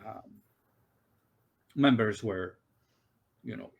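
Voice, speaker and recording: Halting man running a tabletop game. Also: on the low side, creaky, slightly rough, phone-quality sound. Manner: halting, many fillers and restarts. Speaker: game master.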